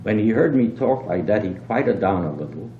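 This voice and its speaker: An older man reading a short story aloud as a lively storyteller, dropping low on asides. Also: normal speed. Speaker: reader. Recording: dull, roomy old home tape with hum.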